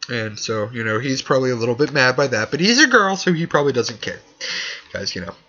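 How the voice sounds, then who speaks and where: A man's voice: mid-range voice, expressive, fast, sharp tone. A young man talking casually and rambling, with lots of fillers and sarcastic asides, recorded on dull lo-fi gear. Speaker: vlogger recapping a TV episode.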